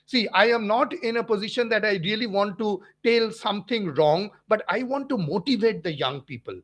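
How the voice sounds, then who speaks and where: A man's voice: high-pitched, moderate pace, few pauses, fairly bright tone. A man with an Indian English accent, a physics teacher hosting a livestream and answering viewer comments in an emphatic, repetitive way, full of fillers and restarts. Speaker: physics teacher and channel host.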